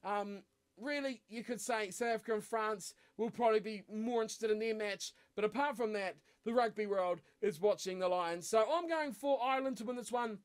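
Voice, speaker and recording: A man's voice: sits high, a little fast, clean tone. A man with a New Zealand accent talking through his rugby match predictions in a chatty, rambling way, with frequent fillers and restarts. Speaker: rugby channel host.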